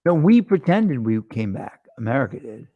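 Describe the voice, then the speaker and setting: Male talk-show host, middle-pitched voice, loose and joking, dry booth sound. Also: big pitch swings, dry recording, phone-quality sound. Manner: rambling, jokey storytelling with quick asides. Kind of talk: casual chat.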